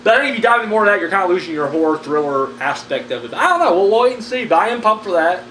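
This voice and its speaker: A man's voice: sits high, big pitch swings, rapid-fire, fairly bright tone. A man giving casual, rambling horror movie news commentary, blunt and full of profanity. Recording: echoey room, mic at a distance, faint background noise.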